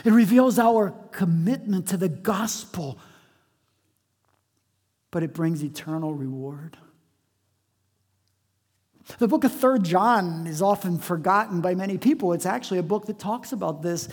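Sermon preacher, mid pitch, dramatic loud-to-hushed dynamics, drawn-out emphasis, big hall echo. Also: expressive, breathy edge. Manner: dynamic, swings between loud emphatic lines and hushed low drops; slows and stretches words for emphasis. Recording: long hall reverb.

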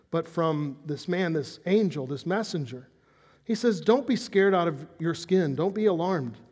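A man preaching a sermon as pastor, telling the story with animated energy and dropping to soft, intense tones on key points. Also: a little high, in a large hall.

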